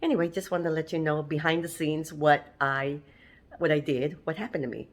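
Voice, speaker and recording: This home cooking host has a low, steady voice and talks a little fast. Demonstrating a recipe in her kitchen, she goes step by step in a warm, chatty style and frequently laughs at herself.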